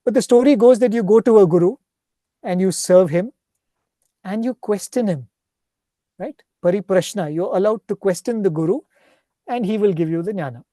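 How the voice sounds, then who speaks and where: A man giving a devotional talk, retelling stories in an unhurried, explanatory way and often checking in with a questioning "right?". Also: sits high, dark tone, dry recording, studio quality. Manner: ends points with a questioning "right?". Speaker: spiritual speaker.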